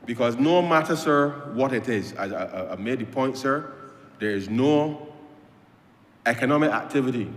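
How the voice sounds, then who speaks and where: A Barbadian man giving an impassioned parliamentary speech, repeating phrases and addressing the Speaker as sir. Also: on the low side. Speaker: member of parliament. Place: parliament chamber. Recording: roomy chamber with long reverb.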